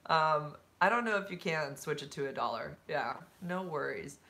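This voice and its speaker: A woman's voice: low voice, expressive, moderate pace, creaky, bright, forceful tone. A woman chatting candidly on a live stream, reading out viewer comments and answering them with fillers and laughs.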